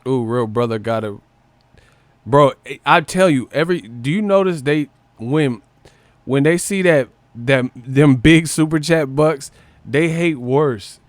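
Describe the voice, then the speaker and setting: A man's voice: medium pitch, measured pace, dry recording. A man hosting a boxing live stream, joking and swearing casually and mimicking other people's voices.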